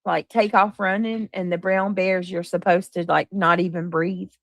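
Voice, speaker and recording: A woman's voice: lowish voice, flat delivery, moderate pace, dry recording. A woman hosting a livestream, talking to her chat in an emphatic, defensive way. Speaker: livestream host.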